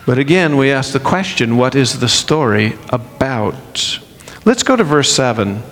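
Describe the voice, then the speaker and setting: A man's voice: medium pitch, big pitch swings, measured pace, a bit bright, big-room sound. A man preaching a sermon with an emphatic delivery, acting out the quotes he reads.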